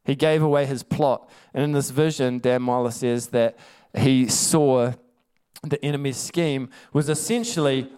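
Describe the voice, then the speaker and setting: Male preacher, clear resonant tone, emphatic conversational delivery. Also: medium pitch, steady tone, unhurried, a little mellow. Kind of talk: sermon.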